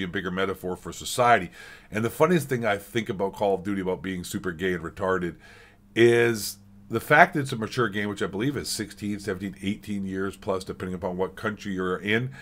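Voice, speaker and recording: A man hosts a reaction video in a sarcastic, rambling rant full of crude remarks. His voice sits on the low side, and he keeps an offhand, mocking tone throughout. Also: a bit bright. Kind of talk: casual rant commentary.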